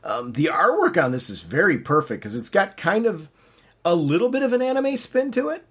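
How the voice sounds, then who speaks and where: Male podcast co-host, casual chat, slightly high voice, eager and rambling. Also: sing-song, moderate pace, a bit bright, husky. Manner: enthusiastic, rambling, many restarts.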